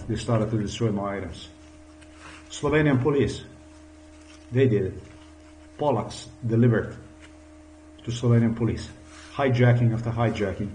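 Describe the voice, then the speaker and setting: A man's voice: mid-range voice, darkish tone. A man talking bitterly in a rambling, profane monologue, accusing and swearing as he speaks. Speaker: vlogger. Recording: roomy echo with faint hum.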